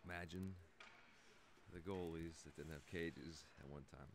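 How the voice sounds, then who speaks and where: A man calling a youth hockey game play-by-play, excitable and jokey, shouting out the goals. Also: a bass voice, a little slow, vocal fry, a crowd in the background. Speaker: play-by-play commentator. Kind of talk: amateur youth hockey commentary. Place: hockey rink. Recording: noisy recording with rink ambience.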